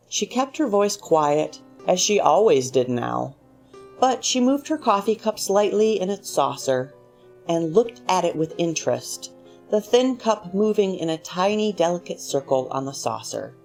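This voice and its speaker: A woman reads a literary short story with a lowish voice that rises and falls expressively. Soft music sits faintly under her narration. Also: big pitch swings, unhurried, gravelly. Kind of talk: storytelling reading.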